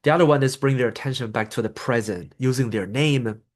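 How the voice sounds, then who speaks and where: Man explaining calm de-escalation steps. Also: brisk. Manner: explanatory, acts out example scripts with raised pitch. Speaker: trainer. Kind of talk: professional development lecture.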